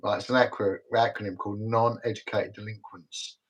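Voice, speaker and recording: A man's voice: on the low side, flat delivery, brisk, a bit bright, husky, rough recording. A middle-aged British man, a retired detective, talking as a guest in a casual livestream interview, emphatic and repetitive, rambling from story to story. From Britain.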